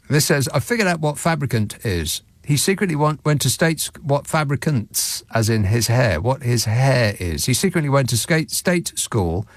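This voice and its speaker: A male radio phone-in host talking in a sardonic, mocking, quick-witted way. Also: mid-range voice, sing-song, no room sound. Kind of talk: casual radio chat. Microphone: studio microphone.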